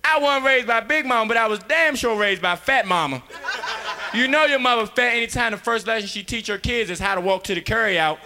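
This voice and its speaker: Young male stand-up comic, high bright voice, loud and rowdy, laughs through his bits. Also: fairly quick. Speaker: stand-up comedian. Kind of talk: stand-up comedy set.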